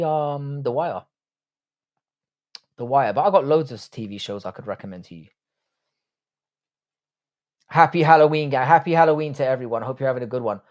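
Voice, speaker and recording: A young man from the UK hosts a live stream, reading viewer comments aloud and answering them bluntly and with plenty of swearing. His pitch jumps around a lot as he reacts. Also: darkish tone. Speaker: livestream host.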